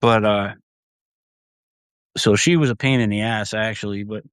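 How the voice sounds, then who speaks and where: A man's voice: fairly low pitch, fairly even intonation, a little slow, a bit bright, clean tone, no echo, studio quality. A man hosting a livestream, talking in a casual, rambling way, swearing freely and laughing often. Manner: profane, laughs often, trails off and restarts. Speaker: livestream host.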